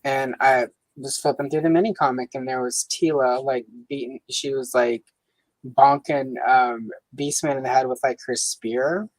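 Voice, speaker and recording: A woman hosting a coloring livestream in casual chat, talking with many fillers and lively swings in pitch. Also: normal speed, no room sound, rough recording. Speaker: livestream host.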